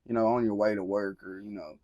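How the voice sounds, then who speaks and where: A young man with a Southern accent, talking in a relaxed, drawling way as a musician guest in an interview. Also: on the low side, quick pace, no room sound, highs cut off. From Tennessee. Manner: laid-back, drawling, swears casually. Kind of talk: casual interview chat.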